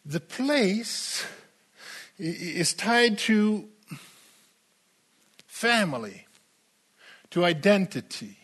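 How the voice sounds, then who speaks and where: A man preaching a sermon in a slow, emphatic way, repeating phrases as he builds his point. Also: high voice, sing-song, a bit bright, slightly rough.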